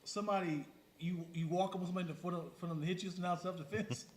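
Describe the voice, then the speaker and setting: A man's voice: sits high, rapid-fire, reverberant. A man co-hosting a podcast in casual chat, telling stories and acting out the people in them. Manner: animated storyteller acting out voices. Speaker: podcast co-host.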